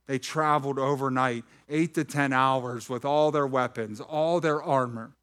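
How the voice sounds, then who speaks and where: A male pastor preaches to his congregation, his voice sitting at an ordinary middle pitch. He reads scripture passages aloud and breaks off to tease people in the room. His delivery is lively and conversational. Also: unhurried, smooth. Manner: animated preaching with jokes to the congregation. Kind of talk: sermon. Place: church hall with a live congregation.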